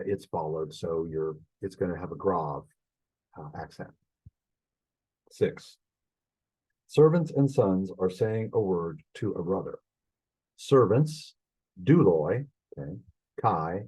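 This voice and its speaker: A man with a low, husky voice leads a recorded Greek class. He pauses and restarts as he works things out aloud, then slows right down to say each Greek word carefully. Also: darkish tone, rough recording. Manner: halting, thinking aloud while fumbling with screen sharing; spells out Greek words slowly and deliberately. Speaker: Greek instructor. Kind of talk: recorded online lesson.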